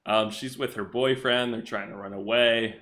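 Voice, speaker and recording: A man's voice: lowish voice, steady tone, moderate pace, a bit bright. A man co-hosting a podcast, recapping comic book plots in casual chat and laughing often. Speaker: podcast co-host.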